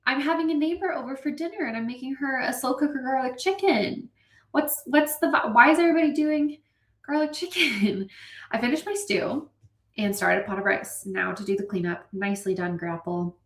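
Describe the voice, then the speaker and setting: A woman hosting a casual stream, chatting animatedly and reading out viewer comments with quick asides. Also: a little high. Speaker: streamer hosting a writing session. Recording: roomy echo.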